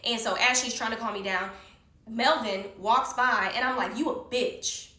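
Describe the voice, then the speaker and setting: A woman telling a personal story in a heated, profane, animated way. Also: a little high, moderate pace, recorded from a distance. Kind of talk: casual storytime. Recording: roomy echo.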